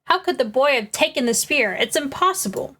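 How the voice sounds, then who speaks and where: An earnest young defense lawyer making his case in court, read by a woman in close to her own voice. The pitch runs slightly high and the delivery is pleading and sincere. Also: animated, brisk, fairly bright tone.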